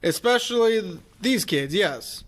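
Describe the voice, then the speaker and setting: A man with a fairly high voice walks through a film's story in casual podcast chat. He explains step by step, with a few fillers and restarts. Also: animated, a little slow. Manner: explanatory, recapping plot with fillers. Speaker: film review podcast co-host. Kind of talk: casual movie discussion.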